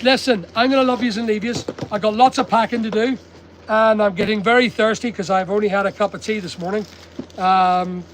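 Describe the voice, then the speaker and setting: Poor audio and a little background noise carry the high-pitched, slightly bright voice of an older British seller. Livestreaming casually from the packing table of his UK stock depot, he chats bluntly and reads viewer comments aloud.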